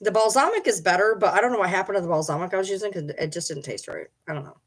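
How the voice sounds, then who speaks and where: A woman from Michigan with a fairly low-pitched voice talks very fast as she chats casually with her viewers. She rambles and teases, talking to her pets in between.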